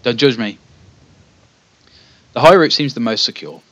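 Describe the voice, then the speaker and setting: A man does a let's play of a text adventure, reading the story evenly before slipping into hesitant asides between passages. His medium-pitched voice is expressive, unhurried, and fairly bright, though the recording is muffled.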